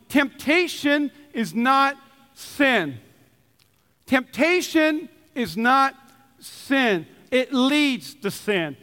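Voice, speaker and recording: A pastor from Minnesota preaching a sermon with humorous stories, repeating key lines for emphasis. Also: male voice, extremely high pitch, bright, forceful tone, clean tone, big-room sound. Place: church.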